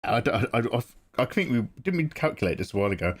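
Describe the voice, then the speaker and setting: A man's voice: medium pitch, big pitch swings, fast talker, husky. A man chatting casually on a live drawing stream, joking and self-mocking. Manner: joking, laughs between lines, self-mocking.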